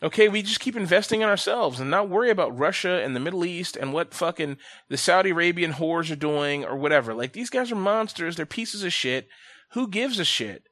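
A man hosting a casual podcast chat, ranting bluntly and profanely, his pitch and loudness swinging sharply as he gets worked up. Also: expressive, a little fast, no room sound. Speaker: podcast host.

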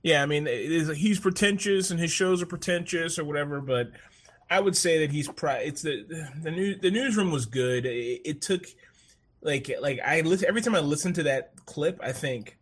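Casual male co-host; slightly high, husky, rambling and animated. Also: normal speed. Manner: rambling, animated, swears and restarts. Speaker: podcast co-host. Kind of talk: casual chat.

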